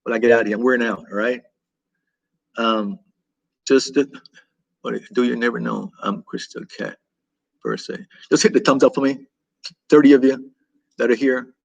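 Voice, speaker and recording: Husky, worn-out man chatting on a livestream. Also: medium pitch, steady tone, normal speed, pauses often, dull audio. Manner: rambling and repetitive, with many restarts and fillers. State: worn out, recovering from illness. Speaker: travel vlogger hosting a livestream. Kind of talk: casual livestream chat.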